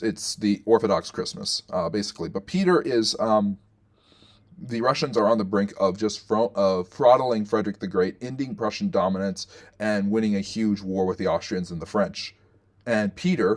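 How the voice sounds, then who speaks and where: A man with a fairly low, darkish voice speaks as a historian, explaining and ranking rulers off the cuff. He thinks aloud, full of fillers, restarts and self-corrections.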